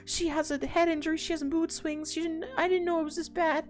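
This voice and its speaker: A woman's voice: very high voice, level tone, fairly quick, voice pushed up. A woman voicing an anxious, apologetic middle-aged father who hurries to explain himself. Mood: defensive.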